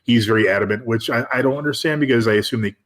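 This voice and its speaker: A man's voice: medium pitch, rapid-fire, fairly bright tone. A man co-hosting a podcast, chatting about a TV episode with skeptical asides. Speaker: podcast co-host. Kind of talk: casual chat recapping a TV episode.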